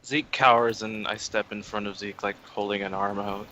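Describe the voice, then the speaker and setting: A man's voice: fairly low pitch, flat delivery, normal speed, bright, forceful tone, slight background noise, low-quality recording. A man playing in a tabletop game, joking and wisecracking between turns. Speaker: player. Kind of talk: tabletop role-play chat.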